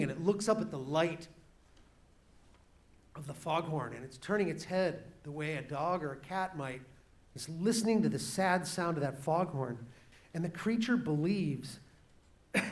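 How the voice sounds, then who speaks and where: A man, an author, telling a story to students in an animated way, slowing down and quieting for drama. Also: on the high side. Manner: animated, shifts pace and volume for drama. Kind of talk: storytelling talk to a class.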